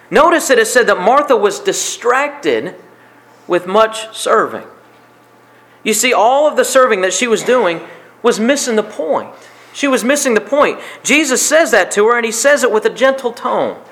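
High-voiced preacher man. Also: big pitch swings, moderate pace, a bit bright. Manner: preaching with emphatic repetition. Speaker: pastor. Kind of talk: sermon.

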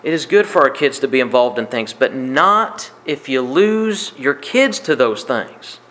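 A man's voice: medium pitch, expressive, measured pace, fairly bright tone. A man preaching a sermon, repeating key lines for emphasis. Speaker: pastor.

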